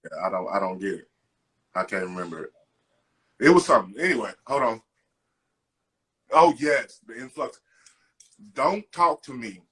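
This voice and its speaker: Husky-voiced man ranting profanely. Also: medium pitch, animated, normal speed, long pauses, fairly bright tone. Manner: profane, ranting, mocking impressions. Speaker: podcast co-host. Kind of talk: casual chat.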